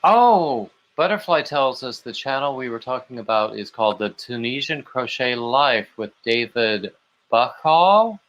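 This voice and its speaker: A man's voice: medium pitch, big pitch swings, a little slow, a bit bright. A man hosting a casual live stream, chatting in a rambling way and reading out viewer comments. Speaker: livestream host. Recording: dull lo-fi stream audio.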